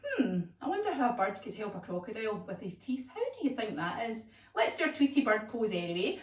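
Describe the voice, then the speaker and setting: A woman teaching a children's yoga class as a story, animated and sing-song with playful sound effects. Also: on the high side, normal speed. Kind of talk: storytelling kids' yoga lesson. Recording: echoey room, voice from far off.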